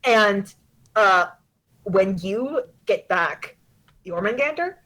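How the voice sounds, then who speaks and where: A woman narrating a tabletop role-play as game master, relaxed and full of fillers. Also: medium pitch, drawn-out words, poor audio.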